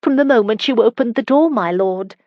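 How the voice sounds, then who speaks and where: A woman's voice: a little high, brisk, no echo, phone-quality sound, voice pushed up, close to an everyday voice. Woman voicing a teasing young medieval bride. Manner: teasing, playful.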